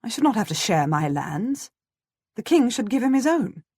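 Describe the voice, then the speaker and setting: A woman reading an audiobook, voicing a proud, intense noblewoman who is quick to resentment, with a husky voice. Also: fairly high pitch, big pitch swings, darkish tone, dry recording, studio quality, pitched above the performer's own voice, heavily acted. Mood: resentful.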